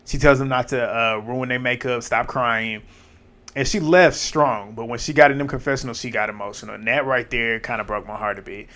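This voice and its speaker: A man recapping a reality show episode in casual, animated, profane talk, laughing and acting out his own reactions. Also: medium pitch, brisk.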